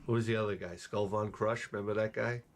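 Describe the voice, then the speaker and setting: A man's voice: fairly low pitch, fairly even intonation, fast talker, a little hiss or hum. A middle-aged man chatting casually while streaming a game, rambling and profane, with wisecracks. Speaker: gameplay streamer. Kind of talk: casual chat while gaming.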